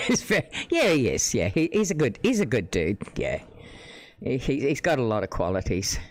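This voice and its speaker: A chatty man talks to his stream audience at a mid pitch, drifting from thought to thought and breaking into laughter now and then. He speaks into a desk microphone at home. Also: very animated, moderate pace. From Australia. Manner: chatty and rambling, laughs often, restarts sentences. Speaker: live streamer. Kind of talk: casual live-stream chat with viewers. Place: home room.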